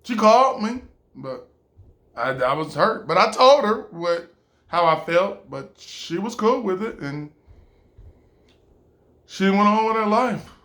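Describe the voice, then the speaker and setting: Man from California, vlogger, rambling storytelling, repeats himself, chuckles, slow, higher-pitched. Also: animated, a bit bright. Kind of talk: casual storytelling to camera.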